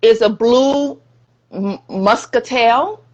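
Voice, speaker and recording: A woman's voice: on the high side, takes it slowly, lo-fi sound, a crowd in the background. A woman co-hosting a casual live-stream chat, playful and colloquial, talking over a video call. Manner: playful, plugs her bakery, colloquial. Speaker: co-host, relationship coach.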